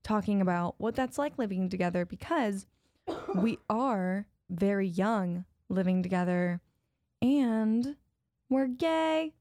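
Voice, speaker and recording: A young woman co-hosts a casual podcast chat, sounding playful and laughing often. Her mid-range voice has a darkish tone and a measured pace, captured in studio quality with no echo.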